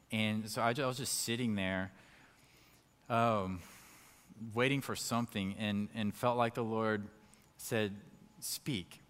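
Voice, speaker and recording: A man sharing a personal testimony as a lively story and acting out his own thoughts as he goes. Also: fairly low pitch, in a large hall. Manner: animated storyteller who acts out his own inner thoughts.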